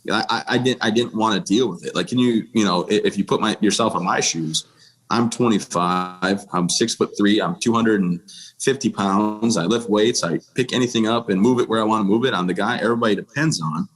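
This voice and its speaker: A man's voice: on the low side, a little fast, a bit bright. A man in his thirties from the United States, a podcast guest telling a personal story in a blunt, plainspoken way, with frequent restarts and "you know"s. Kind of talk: candid personal storytelling in a conversation.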